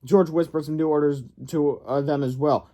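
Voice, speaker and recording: Read-aloud narrator, man, slightly high voice, stumbles and self-corrects. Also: fairly even intonation, normal speed, warm tone. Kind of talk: reading a children's book aloud.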